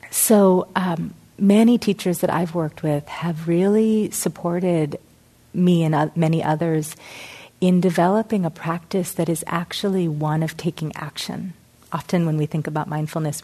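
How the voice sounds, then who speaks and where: Low-voiced woman teaching mindfulness. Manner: reflective and gently explanatory. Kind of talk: teaching talk with a parable.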